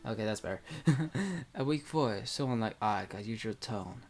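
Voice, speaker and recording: A man's voice: fairly low pitch, lively intonation, normal speed, a little mellow, soft background music. A man reading a visual novel aloud with casual, rambling commentary full of fillers.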